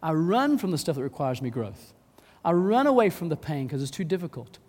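A male pastor preaching a sermon, dramatic, acting out pleading voices and swinging between hushed and loud delivery. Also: on the high side, big pitch swings, a little fast. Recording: long hall reverb.

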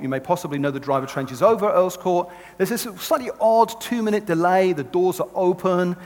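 A man giving a sermon to a live audience, telling stories in an animated, conversational way. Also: sits high. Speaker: speaker. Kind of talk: sermon with storytelling. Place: large hall with an audience. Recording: long reverb in a hall.

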